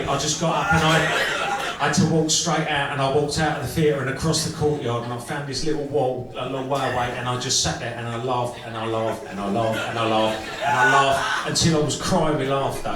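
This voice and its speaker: A man doing crude, unhurried stand-up storytelling on stage at a live music club, swearing freely. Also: mid-range voice, heavy background noise. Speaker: comedian and singer. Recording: echoey club room from far off with music.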